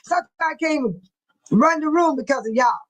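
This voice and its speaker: Stream host, woman with a high voice, chatty and colloquial, laughs a lot between stories. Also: expressive, fast talker, poor audio. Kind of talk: casual chat with viewers.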